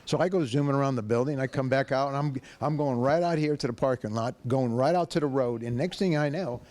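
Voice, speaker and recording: Folksy fast-talking car salesman. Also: mid-range voice, a little mellow, dry recording. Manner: emphatic, folksy storyteller. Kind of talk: animated sales pitch and storytelling.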